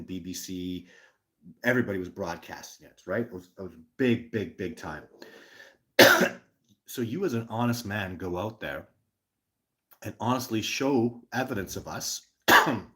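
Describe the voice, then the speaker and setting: Deep-voiced man, earnest live monologue. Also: measured pace, sharp tone. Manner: earnest storytelling, acting out both sides of conversations. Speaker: livestream host answering viewer questions.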